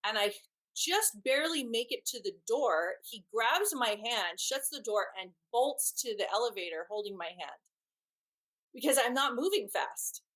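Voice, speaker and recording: A middle-aged woman, a podcast guest, telling a personal story in an earnest, halting way with many restarts. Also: fairly high pitch, expressive, fairly bright tone, poor audio.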